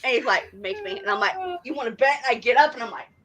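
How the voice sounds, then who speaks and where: A woman co-hosting a podcast, telling a story in lively casual chat and often restarting her sentences. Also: high voice, quick pace, gravelly, husky, poor audio. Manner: animated storyteller, trails off and restarts. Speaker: podcast co-host.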